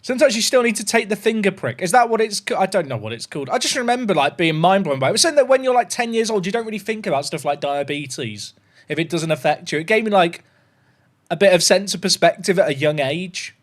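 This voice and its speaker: A man chatting casually on a gaming livestream, excitable and rambling. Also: high-pitched, quick pace.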